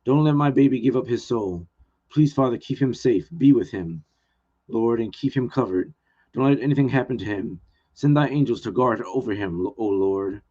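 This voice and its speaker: A man's voice: mid-range voice, normal speed, dark tone, close to an everyday voice. A man reading the part of a distraught mother who prays and pleads for her son, on dull lo-fi stream audio. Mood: pleading prayer. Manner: pleading, prayerful. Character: praying, distraught mother of grown children.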